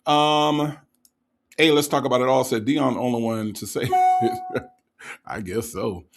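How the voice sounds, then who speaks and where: A man's voice: mid-range voice, steady tone, measured pace, vocal fry, noisy background. A man hosting a casual livestream, reading viewer comments aloud and mocking them, laughing often and repeating himself. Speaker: livestream host reading chat.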